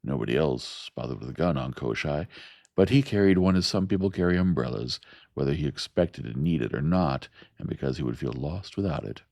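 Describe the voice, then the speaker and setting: A man reading a science fiction novel aloud in a slow, even, soft-spoken narration. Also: extremely low pitch, creaky, no echo, clean studio sound. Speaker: audiobook narrator.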